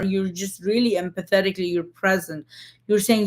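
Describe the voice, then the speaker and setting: A woman's voice: mid-range voice, lively intonation, a little fast. A young adult woman reading passages from a book and explaining them, often checking in with tag questions. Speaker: book discussion host.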